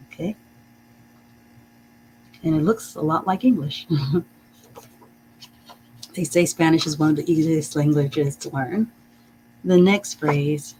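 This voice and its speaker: A teacher leading a live-streamed reading lesson, saying phrases slowly and carefully, checking in with "okay?" and chuckling often. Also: medium pitch, darkish tone, a little hiss or hum, rough recording. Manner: reads out viewer comments.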